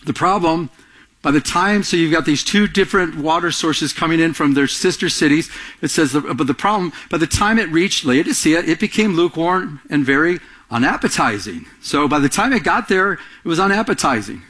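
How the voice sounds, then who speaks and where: A man delivering a sermon in a fairly high voice. He preaches with animation and lifts his voice to act out the quotes. He often repeats and restarts his phrases as he goes. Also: fairly quick. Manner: animated preaching, acting out quotes with rising pitch. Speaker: pastor.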